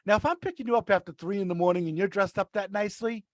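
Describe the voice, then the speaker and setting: A man's voice: high voice, racing, no room sound. A man casually telling rambling stories on a podcast, often restarting his sentences. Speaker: podcast regular, rideshare driver. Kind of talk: casual storytelling.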